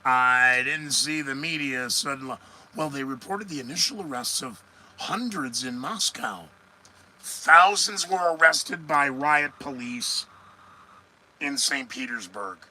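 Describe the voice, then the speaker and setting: A man's voice: mid-range voice, slow, sharp tone, rough recording. A man hosting a solo news commentary podcast, sarcastic and rambling, often answering his own remarks. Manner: sarcastic, rambling, talks back to himself. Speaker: podcast host.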